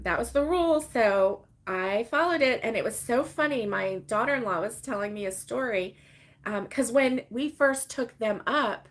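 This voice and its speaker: An older woman, hosting a casual crochet livestream and rambling through stories with fillers and laughter. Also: on the high side. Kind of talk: casual chat to live viewers.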